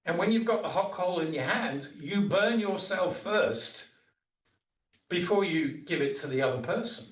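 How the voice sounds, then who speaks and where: A monk telling stories in an echoing hall. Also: male voice, sits high, expressive, unhurried, fairly bright tone. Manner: conversational storytelling with asides. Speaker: Buddhist monk, teacher. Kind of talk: dharma talk. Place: meditation hall. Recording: roomy hall, voice from a distance.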